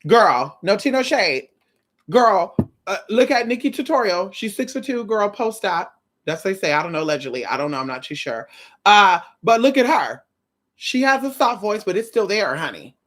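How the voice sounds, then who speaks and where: Talking straight to the viewer, a woman with a slight lisp delivers sassy, animated reaction commentary as host. Her mid-range voice moves at a moderate pace, and she drawls "girl."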